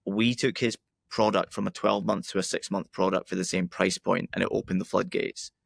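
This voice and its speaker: Deep gravelly man, flat steady delivery. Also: normal speed, no echo, clean studio sound. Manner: steady, explanatory, with fillers. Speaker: podcast guest, ads agency owner. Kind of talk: casual interview talk.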